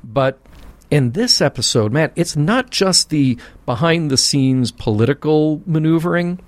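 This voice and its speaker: A man's voice: a little high, lively intonation, unhurried, dry recording. A man co-hosting a podcast, chatting casually and emphatically with frequent exclamations. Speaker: podcast co-host. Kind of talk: casual chat.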